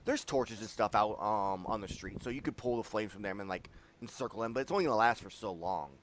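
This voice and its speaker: A man narrating as game master of a tabletop game, loose and chatty, acting out quick quotes as he describes the scene. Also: lowish voice, slight background noise. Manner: animated, loose, full of "like" and acted-out quotes.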